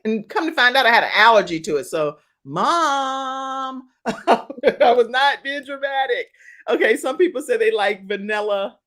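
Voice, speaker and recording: A woman's voice: mid-range voice, fairly bright tone. A woman in her forties hosting a live talk show, chatting and laughing as she reads out viewer comments.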